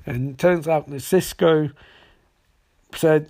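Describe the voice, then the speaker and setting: A man's voice: on the high side, moderate pace, a little mellow. A man casually retelling a TV episode, rambling, swearing and throwing in comic asides. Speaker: recapper.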